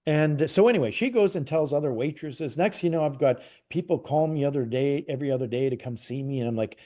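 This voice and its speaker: Warm-voiced man telling a story. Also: fairly high pitch, a little fast. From Canada. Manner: animated retelling, acts out quoted dialogue, frequent "like" and restarts. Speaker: interview guest, psychic medium. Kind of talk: casual storytelling.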